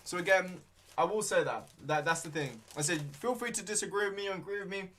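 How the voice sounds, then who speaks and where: A man's voice: high-pitched, fast, fairly bright tone, slight background noise. A young man chatting casually about a football match during a live watchalong stream, rambling with lots of fillers and restarts. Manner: rambling, hesitant, many fillers; talking with his mouth full at times.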